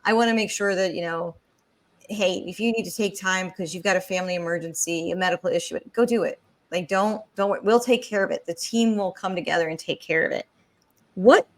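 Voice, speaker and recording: A woman's voice: mid-range voice, normal speed. A woman hosting a podcast interview, talking in a chatty, enthusiastic way. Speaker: podcast host. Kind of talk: conversational interview.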